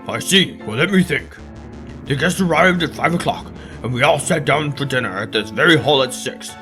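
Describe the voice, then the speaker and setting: A man's voice: mid-range voice, expressive, moderate pace, sharp tone, faint music behind. A man voicing a creepy, overly courteous aristocratic male bird baron. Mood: polite. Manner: courteous, oily, faux-French address. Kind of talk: let's play character voicing.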